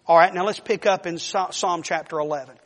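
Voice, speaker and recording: A man preaching a sermon, telling a Bible story in an animated way and acting out the characters' voices. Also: high-pitched, brisk. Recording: long reverb of a large hall.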